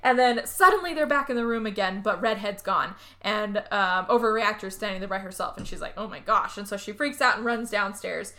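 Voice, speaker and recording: Bright-voiced young woman recapping a movie. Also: mid-range voice, fairly quick, hardly any pauses. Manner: rambling, filler-heavy retelling with self-corrections. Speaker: podcast co-host. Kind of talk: casual movie recap chat.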